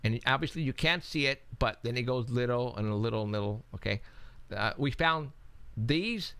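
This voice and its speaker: A man's voice: mid-range voice, moderate pace, bright, forceful tone, clear, resonant tone, no room sound. A man co-hosting a paranormal radio show, talking in a rambling, casual way with many restarts as he walks through photos.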